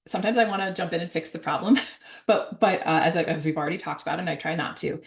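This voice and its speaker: A middle-aged woman speaks in a low voice with a gravelly, creaky texture. She gives a conversational talk as an author, with frequent fillers and self-corrections. Now and then she slips into higher voices to act out a parent or a child.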